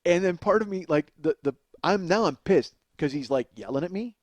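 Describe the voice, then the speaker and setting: With a voice that sits high and moves a little fast, a comedian host spins out a lengthy, foul-mouthed monologue. The recording has no echo, and he stays lively, breaking into laughter mid-sentence as he goes.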